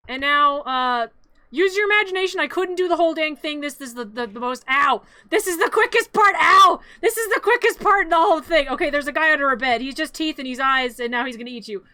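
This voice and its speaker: Bright, high-voiced, giggly woman streamer. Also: no echo. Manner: giggly, rambling, jokey, with many restarts. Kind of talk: playful live-stream narration.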